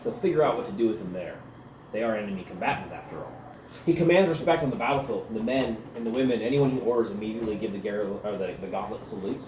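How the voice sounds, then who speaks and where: A man's voice: lowish voice, fast, a little mellow, slight background noise. A man narrating a tabletop game as game master, telling the story in a vivid, loose way with restarts. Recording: roomy recording with faint ambience.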